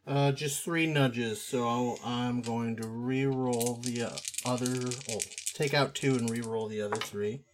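A man's voice: mid-range voice, fairly even intonation, a little slow, hardly any pauses. A man playing a tabletop game, thinking aloud and speaking tentatively. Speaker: player. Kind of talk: casual tabletop play.

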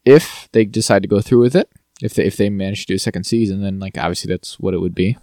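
A man co-hosting a podcast, rambling through a TV recap and slipping into quick mock quotes of the characters. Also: lowish voice, warm tone, no room sound. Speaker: podcast co-host. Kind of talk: casual chat recapping TV.

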